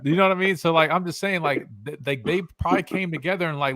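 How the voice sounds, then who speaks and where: A man's voice: a little high, fast, fairly bright tone, dry recording. A man hosting a sports talk show, loose and conversational with lots of slang. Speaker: show host, former linebacker.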